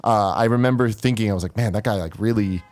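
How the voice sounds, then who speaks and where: A man's voice: on the low side, fast talker, darkish tone. A man co-hosting a casual podcast chat, telling stories and acting out quotes in a raised voice. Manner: storytelling, acts out quotes in a raised voice. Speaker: podcast co-host.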